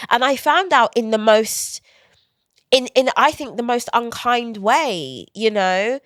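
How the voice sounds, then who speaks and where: A woman's voice: fairly high pitch, unhurried, no echo, clean studio sound. A woman, guest on a podcast, telling personal stories candidly and acting out what people said. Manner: candid, animated storytelling with quoted asides. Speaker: guest author. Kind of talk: conversational podcast interview.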